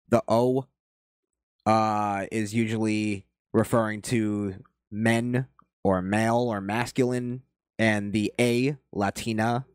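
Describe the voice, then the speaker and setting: A man talks through a video he is reacting to, in loose casual commentary that rambles and stops to restart. His voice sits at an ordinary middle pitch. The sound is dry and close, with no room around it. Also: no echo. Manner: rambling, halting, profane.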